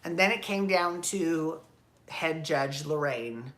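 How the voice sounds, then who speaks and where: Hosting her own podcast solo, a woman rambles through casual commentary, swearing freely and correcting herself along the way. She speaks slowly in a low, fairly bright voice with lively intonation.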